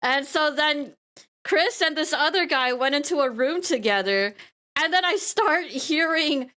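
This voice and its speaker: A woman streamer chatting casually with a high voice. She giggles through her sentences and trips over repeated words as she talks. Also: expressive, a little slow, bright, forceful tone. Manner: stumbling restarts and repeated words. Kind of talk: casual storytelling chat.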